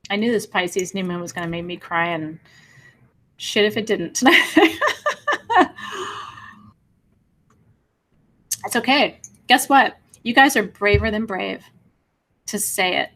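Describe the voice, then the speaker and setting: A woman hosting a spiritual live stream, talking warmly and emotionally to viewers, calling out their names and reassuring them. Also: mid-range voice. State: teary at moments. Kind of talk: live-stream chat reading viewer comments.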